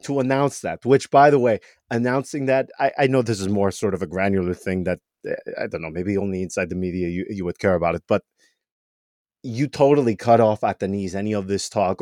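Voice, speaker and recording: A man hosting a football podcast in casual chat, animated and often restarting his words. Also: mid-range voice, brisk, no echo, studio quality. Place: home room with TV on.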